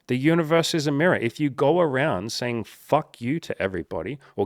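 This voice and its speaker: A man's voice: mid-range voice, expressive, moderate pace, hardly any pauses, no room sound, clean studio sound. A man talking as a life coach in casual, earnest advice to the camera, swearing freely and acting out the voices he quotes.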